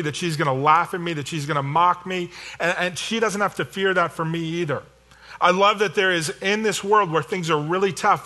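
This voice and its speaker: A middle-aged man preaching in a bright, forceful voice that sits a little high for a man. He talks to the congregation in a conversational, self-deprecating way, mixing personal stories into the sermon. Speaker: pastor.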